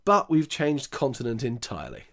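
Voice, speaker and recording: A man co-hosting a casual film review chat, speaking hesitantly with many fillers and giving measured verdicts. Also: medium pitch, very animated, a bit bright. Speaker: podcast co-host.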